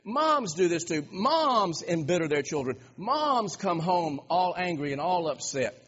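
A pastor with a high, slightly bright voice preaches at a measured pace, very animated and emphatic, often repeating words and restarting phrases. The recording is dull and lo-fi, with long hall reverb.

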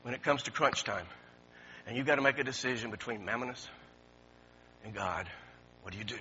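A pastor preaching a sermon, swinging from quiet talk to shouting and repeating his words. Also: medium pitch, fairly quick, a little hiss or hum. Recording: dull lo-fi recording.

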